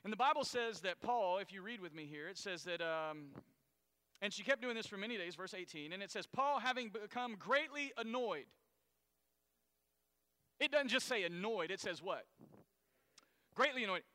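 A man preaches a sermon with a high, bright, cutting voice. He talks casually and acts out the story's people in sudden loud bursts. His voice rings with the long reverb of a big hall. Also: animated, fairly quick, clear, resonant tone. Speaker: pastor.

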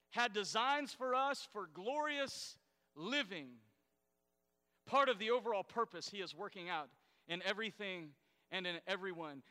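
High bright preaching man in hall. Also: smooth. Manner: preaching with wide swings between loud emphasis and quiet asides. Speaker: pastor. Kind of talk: sermon. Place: church sanctuary. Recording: echoey hall reverb.

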